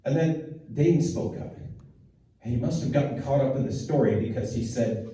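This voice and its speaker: A middle-aged man telling rambling, self-deprecating stories with plenty of stops and restarts. His voice is dark and mellow, and it echoes around a big hall from well back from the mic. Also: mid-range voice, moderate pace, recorded from a distance, a little hiss or hum. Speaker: preschool teacher telling stories. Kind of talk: stand-up storytelling.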